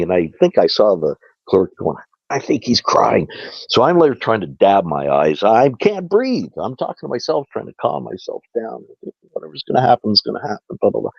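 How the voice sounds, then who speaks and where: A man telling a story as a radio guest, in a casual, animated way and with frequent laughs. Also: on the low side, brisk, vocal fry, hardly any pauses, dry recording. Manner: animated, chatty, laughs often. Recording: dull lo-fi dry sound.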